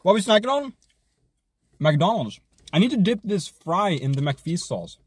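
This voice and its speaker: A man streaming himself eating fast food, joking around, swearing often, and humming between bites. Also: sits high, very animated, breathy edge, dry recording. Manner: hyped, joking, swears a lot, chews and hums between bites.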